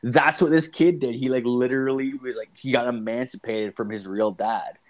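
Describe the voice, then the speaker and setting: A man's voice: medium pitch, fairly even intonation, moderate pace. A man casually telling a story on a podcast, rambling and swearing, with frequent restarts. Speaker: podcast host. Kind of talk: casual chat.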